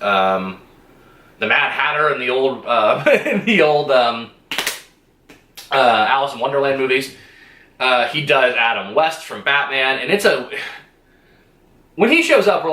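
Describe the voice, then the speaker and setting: A man's voice: medium pitch, sharp tone, reverberant. A man giving a casual movie review, rambling and enthusiastic, swearing freely and laughing often.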